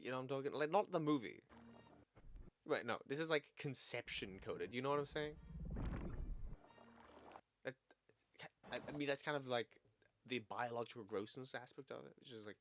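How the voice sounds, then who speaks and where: A man's voice: medium pitch, lively intonation, normal speed, pauses often, fairly bright tone, faint music behind. A young man chatting casually on a stream while editing video. He rambles, cuts himself off, and swears now and then.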